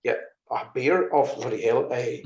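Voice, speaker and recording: Here a male musician, interviewed in a relaxed chat, tells exasperated stories at a normal speed in a mid-range voice, lively and laughing along the way. Sound is roomy and a touch muffled.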